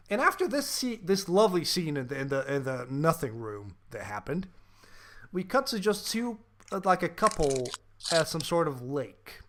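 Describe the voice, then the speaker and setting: A man's voice: a little high, very animated, moderate pace, a bit bright. A man hosting a podcast, ranting profanely and animatedly about a film in casual chat, with lots of fillers. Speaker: podcast host.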